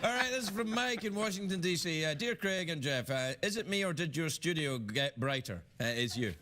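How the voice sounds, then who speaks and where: A man's voice: a little high, expressive, fairly quick. A man hosting a late-night talk show, bantering playfully and teasing his sidekick. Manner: playful, sing-song, teasing. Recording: TV clip with loud studio audience noise.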